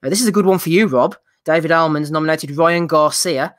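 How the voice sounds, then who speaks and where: A man hosting a casual podcast, laughing often and briskly reading out listener nominations on a close mic. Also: fairly high pitch, fairly bright tone, no room sound. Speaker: podcast host.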